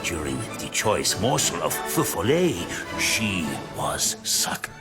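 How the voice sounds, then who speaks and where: A man giving a grand, declamatory reading of an old review, with loud music playing underneath. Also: deep voice, big pitch swings, slow, heavily acted. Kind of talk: theatrical reading of a period review.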